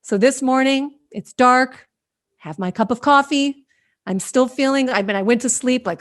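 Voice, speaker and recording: A woman host telling a personal story to an online group in an animated, expressive way over a video call. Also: high-pitched, normal speed. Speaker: host and company founder.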